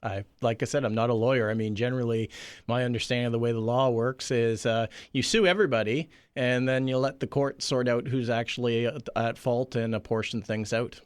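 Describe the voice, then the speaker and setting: A man councillor talks candidly on a radio panel, with plenty of fillers along the way. His voice sits at a middle pitch and sounds dry and close to the mic. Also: steady tone, fairly quick, clear, resonant tone, no echo. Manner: candid and conversational, fillers and laughs. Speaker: city councillor.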